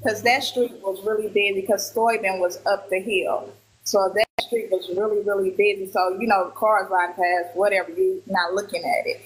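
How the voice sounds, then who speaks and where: A woman's voice: mid-range voice, fairly even intonation, normal speed, a little hiss or hum, rough recording. A woman in her thirties from Milwaukee, a witness telling her account in a casual live stream and acting out what people said. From Milwaukee, Wisconsin. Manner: recounts events with acted-out quoted dialogue. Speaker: witness guest.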